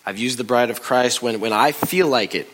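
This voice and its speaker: A man giving a conversational, confessional sermon as a pastor, dropping to a hush and rising loud while telling a story. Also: mid-range voice, moderate pace, low-quality recording.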